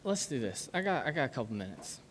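A man's voice: medium pitch, very animated, fast, long reverb tail, slight background noise. A man preaching a conversational sermon as a pastor, asking the crowd questions and laughing often. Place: church hall.

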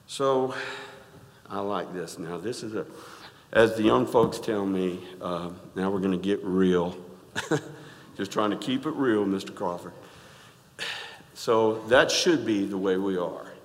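A middle-aged man preaching a sermon in a church, animated and rising to loud exclaims, often asking the congregation to answer back. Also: deep voice, takes it slowly, pauses often. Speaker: pastor. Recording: reverberant church hall.

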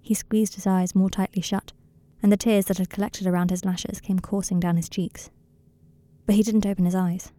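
A woman narrating a fan fiction story in a slow, quiet, intimate reading. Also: medium pitch, level tone, no room sound.

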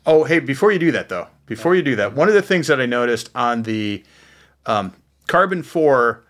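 A man co-hosting a casual beer podcast, explaining things in a halting way with many fillers. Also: medium pitch, lively intonation, fairly bright tone. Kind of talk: casual chat.

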